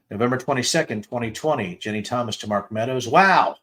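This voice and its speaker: A middle-aged man hosting a podcast, reading a long string of text messages aloud, announcing each date flatly before lifting his voice for the quoted lines. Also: mid-range voice, brisk. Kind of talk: dramatic reading of texts with asides.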